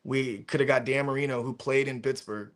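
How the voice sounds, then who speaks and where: A man's voice: mid-range voice, fairly quick. A man hosting a casual live stream chat, telling stories with lots of swearing and acted-out quotes over a video call. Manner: animated storyteller, swears freely, acts out quotes. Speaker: stream host.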